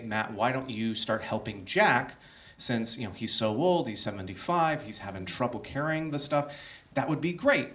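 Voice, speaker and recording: A young man tells a personal story live on a small theater stage. His voice sits at an ordinary middle pitch, and he speaks through a stage microphone. He keeps it loose and conversational, with plenty of "like" and "uh" along the way. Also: a bit bright. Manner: conversational, filler-heavy with many "like" and "uh".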